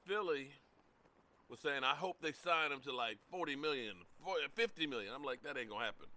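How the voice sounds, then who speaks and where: Animated man hosting a sports livestream. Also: mid-range voice, a little fast. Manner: animated, talks to chat viewers by name. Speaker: livestream sports show host. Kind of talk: casual live-chat sports talk.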